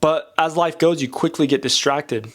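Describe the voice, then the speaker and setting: A man's voice: on the high side, moderate pace. A young man with a slightly nasal voice from a cold, talking casually and candidly while drawing, rambling and joking at his own expense. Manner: candid, rambling, self-deprecating. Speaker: art channel host.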